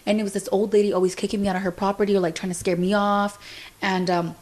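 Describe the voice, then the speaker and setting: A young woman hosts a podcast and talks in a loose, chatty way. She peppers her sentences with "like" and retells what happened by quoting people. Her voice sits at an ordinary middle pitch for a woman. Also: little pitch movement, quick pace, a little mellow. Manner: chatty, fills speech with "like", retells events through quoted dialogue. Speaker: podcast host. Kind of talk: casual storytelling chat.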